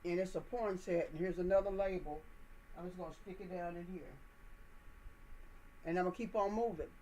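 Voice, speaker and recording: A woman's voice: on the low side, steady tone, brisk, mellow, slight background noise, poor audio. A woman hosting a gardening channel, talking viewers through potting plants indoors in a chatty, folksy, encouraging way. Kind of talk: casual how-to demonstration.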